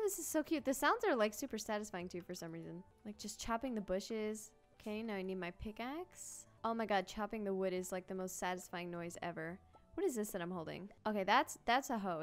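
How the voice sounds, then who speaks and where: A young woman hosting a let's-play, reacting in a bubbly, giggly, excitable way while she plays. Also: medium pitch. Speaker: gaming video host.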